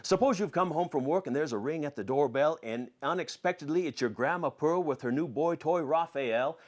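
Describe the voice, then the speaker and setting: A man's voice: a little high, a little fast, darkish tone. A man with a flamboyant, boastful showman's manner, demonstrating his food products on a TV cooking segment. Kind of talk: cooking demo on a TV show.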